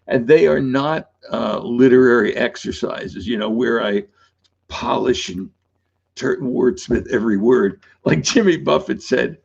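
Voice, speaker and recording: A gravelly, husky older man spins loose, rambling anecdotes as an interview guest, chuckling between stories. His voice comes through a dull, lo-fi recording. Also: mid-range voice, unhurried, a little mellow. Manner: rambling anecdotal, laughs often. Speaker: author guest. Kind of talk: casual interview storytelling.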